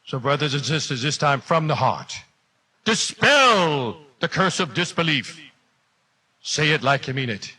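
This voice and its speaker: A man putting on the voice of a fervent male revival preacher, calling out slow, drawn-out exhortations to a classroom. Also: on the high side, lively intonation, bright, forceful tone, slightly rough, full character voice. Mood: exhorting. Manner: drawn-out, exhorting calls to believe.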